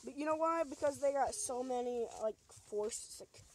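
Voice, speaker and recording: A young woman chats and jokes through a video game, talking to the enemies and breaking into shrieks in tense moments. Her voice sits a little high. A faint hiss runs under the recording. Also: moderate pace, a little mellow. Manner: goofy, talks to the game, shrieks when in danger. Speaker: gamer. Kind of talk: casual let's play commentary.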